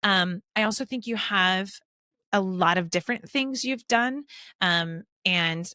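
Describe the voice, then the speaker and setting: A woman hosting a podcast, chatting in a loose, giggly way, often restarting her sentences. Her voice sits in a middle pitch, and the sound is dry and close. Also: unhurried, pushed and bright, dry recording. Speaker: podcast host. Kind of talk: casual chat.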